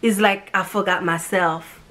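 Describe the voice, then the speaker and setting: A woman's voice: medium pitch, steady tone, a little slow, fairly bright tone. A woman from Haiti, talking through a movie review in a rambling, emotional way and acting out what the characters said. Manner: rambling, emotional, acts out quoted lines. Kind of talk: casual emotional retelling.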